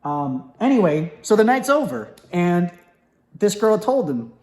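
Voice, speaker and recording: A young man telling a story in a casual, animated way, acting out what others said, with many fillers and restarts. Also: sits high, unhurried.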